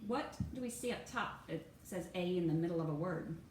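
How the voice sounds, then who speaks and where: A woman teaching a one-on-one phonics lesson, patient and encouraging, saying words out slowly and clearly. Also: lowish voice, lively intonation, a little mellow. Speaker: reading teacher. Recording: echoey room, far from mic, faint hum.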